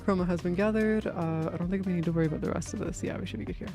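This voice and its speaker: A laid-back gaming streamer who talks in loose, meandering bursts, piling up "uh"s and "like"s with easy casual swearing. The voice sits in an ordinary middle pitch, and faint game music plays underneath. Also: fairly even intonation, very fast. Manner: rambling, filler-heavy, casual swearing. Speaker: live streamer.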